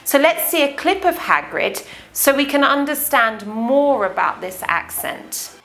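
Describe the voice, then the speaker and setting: Slow, careful RP English woman teacher. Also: sits high, very animated, a bit bright, soft background music. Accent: English received pronunciation. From England. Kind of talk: accent lesson.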